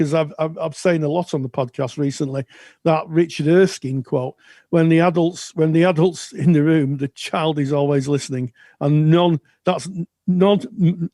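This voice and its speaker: A man co-hosting a counselling podcast, speaking thoughtfully with frequent pauses and restarts. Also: on the high side, warm tone, no room sound, studio quality. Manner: thoughtful, halting with many restarts. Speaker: podcast co-host. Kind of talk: casual chat.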